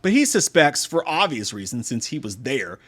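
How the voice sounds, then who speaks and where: A man's voice: mid-range voice, very animated, normal speed, a bit bright, breathy edge. Sarcastic, foul-mouthed man reviewing a film. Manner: sarcastic, profane, swings into mocking impressions. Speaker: movie review host. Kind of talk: casual comedic film review.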